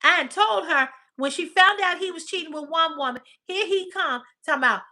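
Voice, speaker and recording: A woman's voice: very high-pitched, expressive, normal speed, bright, forceful tone. A woman hosting a livestream, talking back to her chat in casual, blunt, profane commentary. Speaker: livestream host.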